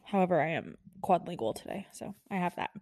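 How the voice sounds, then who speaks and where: A woman's voice: fairly low pitch, expressive, brisk, gravelly, darkish tone, dry recording, studio quality. Frazzled, exasperated woman nurse venting. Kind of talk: venting vlog monologue.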